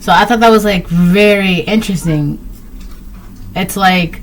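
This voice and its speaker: A woman's voice: medium pitch, measured pace, a little hiss or hum. A woman giving a casual spoken tarot reading, rambling with lots of fillers and repeated phrases. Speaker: tarot reader.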